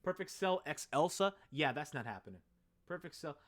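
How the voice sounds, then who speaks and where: A young man chatting on a live stream, rambling and excitable, with a bright, forceful tone. His voice sits a bit high for a man and swings up and down a great deal. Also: normal speed. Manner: excitable, rambling, swears freely. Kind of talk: casual live-stream chat.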